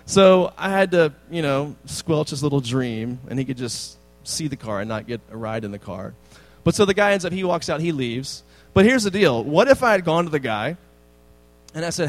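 A man in his thirties preaching a sermon, telling a story in a casual, joking way with lively quoted dialogue. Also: a little high, normal speed, soft background music, rough recording. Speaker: pastor.

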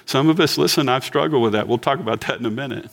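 A pastor in his sixties preaches a sermon in church with a gravelly, middle-pitched voice. His delivery is fast yet easy and talky, and he jokes with the congregation and asks them questions.

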